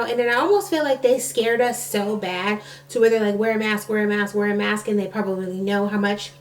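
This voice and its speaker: A young woman, a nursing student and mom, telling a rambling story to camera, full of "like" and restarts. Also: fairly high pitch. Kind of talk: casual storytime chat to camera. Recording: voice a bit far from the mic.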